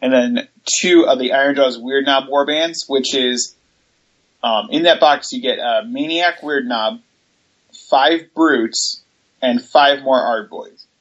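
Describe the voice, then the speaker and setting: A man's voice: mid-range voice, takes it slowly, a bit bright. A man in casual hobby chat, explaining steadily and listing items with some fillers. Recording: dull lo-fi audio.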